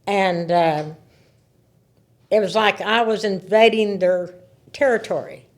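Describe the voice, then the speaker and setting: Older woman telling lively stories. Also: medium pitch, slow. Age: 70s. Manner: animated, laughing, repeats words as she goes. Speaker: podcast guest. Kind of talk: casual storytelling.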